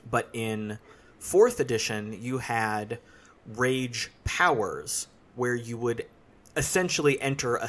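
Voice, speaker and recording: A man hosts a relaxed podcast chat about tabletop games. His voice sits in the middle of the male range. He explains his points in a steady, analytical manner. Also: mid-range voice. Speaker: podcast host. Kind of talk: casual podcast discussion.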